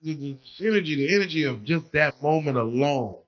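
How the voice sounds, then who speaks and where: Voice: medium pitch, expressive, fairly quick. A podcast host in a casual interview, enthusiastic and affirming toward the guest. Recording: muffled lo-fi sound.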